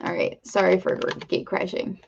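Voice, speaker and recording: Woman streamer rambling to chat, gravelly fry, kinda muffled lo-fi mic. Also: fairly low pitch, big pitch swings, moderate pace, darkish tone, slight background noise. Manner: chatty, rambling, self-deprecating asides. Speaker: streamer host. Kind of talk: casual live-stream chat. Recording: slightly dull lo-fi stream mic.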